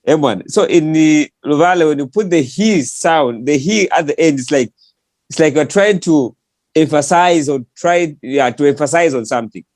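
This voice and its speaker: A man explaining a point in an online language class in a relaxed, casual way. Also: fairly high pitch, moderate pace, no echo. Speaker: co-teacher.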